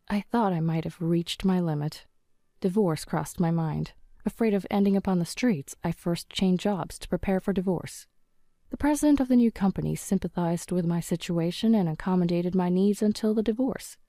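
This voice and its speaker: A woman narrating a scripted first-person story in a calm, even manner. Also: lowish voice, no room sound, clean studio sound.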